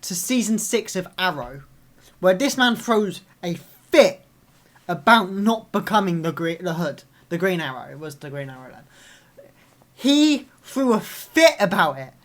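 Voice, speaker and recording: A young man hosting a live reaction video, ranting angrily and swearing, with sudden loud outbursts. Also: high voice, expressive, a little slow.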